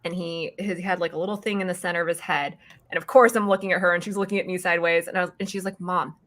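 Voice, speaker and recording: A woman's voice: fairly low pitch, very fast. A woman guest on a casual talk show, telling a story expressively and acting out what she and others said. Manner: expressive storyteller who acts out her own quotes. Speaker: psychic guest. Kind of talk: casual chat.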